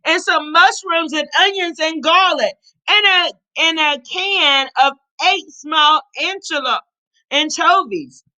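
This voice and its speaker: Slow, bright-voiced woman reading a storybook. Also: high voice, poor audio. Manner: expressive, asks the listeners questions, explains words. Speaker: teacher reading aloud to children. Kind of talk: animated storybook read-aloud.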